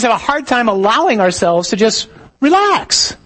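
A man's voice: very high-pitched, very animated, normal speed, fairly bright tone, a little hiss or hum, low-quality recording. A man, a priest, giving a conversational sermon with jokey asides and told stories.

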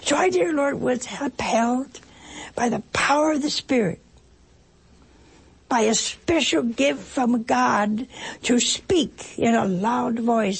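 A woman preaching an emotional sermon, pausing dramatically and dropping at times to a whisper. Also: on the high side, gravelly, breathy edge.

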